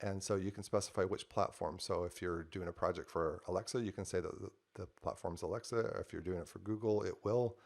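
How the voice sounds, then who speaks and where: A man casually walking through a software demo on screen, talking loosely with lots of fillers. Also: low-pitched, steady tone, fairly quick, gravelly, few pauses. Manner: loose and conversational with frequent fillers. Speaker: software developer demoing a project. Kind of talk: casual screen-share tutorial.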